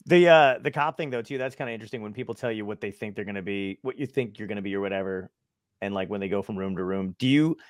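A man's voice: brisk, a bit bright, no echo, studio quality. A man hosting a casual chat, laid-back and swearing freely. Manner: laid-back, swears casually, pitch jumps around a lot. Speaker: host.

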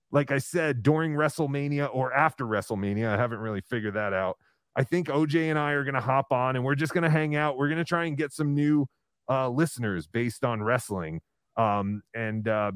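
A man hosting a live podcast in a casual chat, halting and full of fillers. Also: medium pitch, no room sound, studio quality. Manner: halting, lots of fillers, self-deprecating. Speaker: podcast host.

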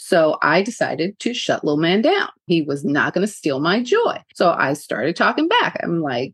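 An animated woman with a fairly low voice hosts her podcast, telling a personal story frankly and laughing often. Her pitch swoops up and down a great deal, and the sound is dry and close. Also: normal speed, hardly any pauses, husky, no echo. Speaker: podcast host.

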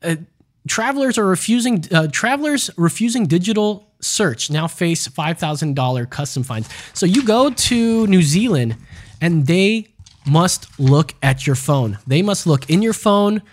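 A man's voice: high-pitched, lively intonation, a little slow. A man hosting a casual podcast, reading news stories and ranting about them with heavy profanity and mockery. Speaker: podcast host. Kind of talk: casual crude news rant.

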